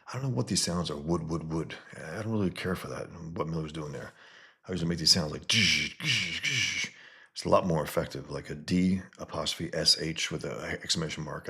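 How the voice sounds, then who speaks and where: A man casually reviewing a comic book, reading its panels and sound effects aloud between relaxed comments. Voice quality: very deep, gravelly and husky.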